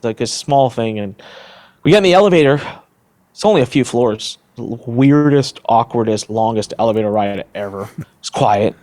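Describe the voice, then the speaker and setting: A middle-aged man telling a personal story on a podcast. He talks with energy and slips into the voices of the people he describes. His pitch sits in the middle for a man. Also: a little mellow. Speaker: interview guest, entrepreneur.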